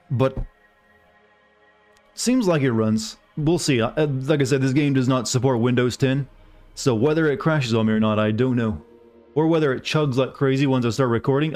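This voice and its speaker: A male game streamer, average in pitch, chats loosely with his live viewers, rambling and greeting them by name. Soft music plays faintly underneath.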